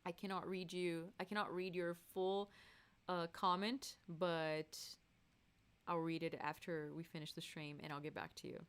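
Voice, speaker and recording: A woman's voice: fairly low pitch, level tone, moderate pace, clear, resonant tone. Chatty woman streamer laughing between songs. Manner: laughs often, loose and chatty. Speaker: musician hosting a live stream. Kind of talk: casual chat between songs.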